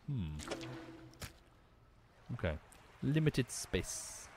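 A man's voice: medium pitch, sing-song, measured pace, slight background noise. A man streaming a game, talking casually and wryly, with the odd curse. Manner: chatty, wry, swears casually. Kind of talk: casual gameplay commentary.

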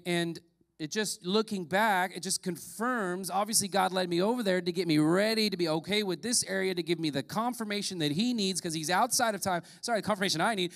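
A middle-aged pastor, preaching in a casual, joking storytelling manner and laughing at his own lines. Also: fairly high pitch. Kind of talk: sermon storytelling. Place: church sanctuary in a former movie theater.

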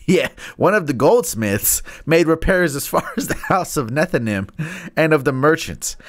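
Easygoing man reading scripture aloud. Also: mid-range voice. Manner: laid-back and chatty, stumbles over names, laughs at his own jokes. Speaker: Bible study host. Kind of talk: live-streamed Bible reading with casual commentary. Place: room alone. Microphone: studio microphone.

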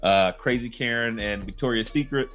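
A man co-hosting a casual podcast chat, talking animatedly and slipping into high mocking voices. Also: moderate pace, fairly bright tone, soft background music. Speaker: podcast co-host.

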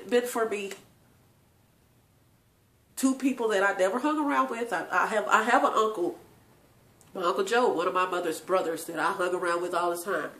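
In an echoey room, a channel host shares tearful personal family stories with her viewers, sometimes crying and often laughing. Her voice is mid-range and a bit bright, and the storytelling is emotional.

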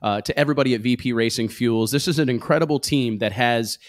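A man's voice: medium pitch, fast talker, no echo, studio quality. Chatty man hosting a drag racing talk show. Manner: energetic, rambling promoter. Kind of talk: casual podcast chat.

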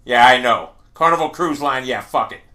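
A man playing a shooter game, ranting and swearing, and yelling now and then. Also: medium pitch, moderate pace. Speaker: gamer. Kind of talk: angry gameplay commentary.

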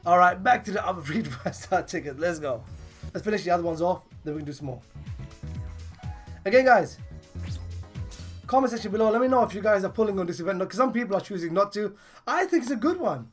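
Excitable hoarse woman with a lively voice. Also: mid-range voice, quick pace, pauses often, faint music behind. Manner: excitable, bursts into laughs and shouts at each pull. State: hoarse, voice partly gone. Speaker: gaming channel host. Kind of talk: casual mobile game summon commentary.

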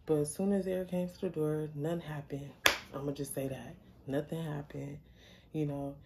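A young adult woman telling a story in a casual, blunt, animated way, swearing freely. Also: sits low, normal speed, gravelly, very noisy. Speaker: storyteller vlogger.

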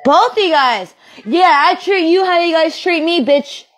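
A woman's voice: very high-pitched, measured pace, low-quality recording. A woman playing a bitter, swearing young woman. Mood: angry. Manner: swearing, ranting, sarcastic. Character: bitter, volatile young woman kicked out by family. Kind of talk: amateur film acting.

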